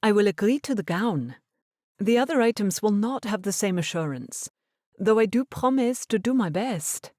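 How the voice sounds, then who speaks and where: A woman narrator voicing a composed young dressmaker with a French accent in an audiobook, polite and measured. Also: mid-range voice, animated, a little mellow, no echo, studio quality, pitched above the performer's own voice, natural voice.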